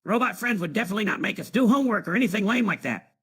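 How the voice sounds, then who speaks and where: This very animated, heavily acted male performance portrays a hyper, none-too-bright cartoon teen boy with a shrill, very raspy voice. He giggles and blurts at a slightly quick clip in an AI-generated chat stream.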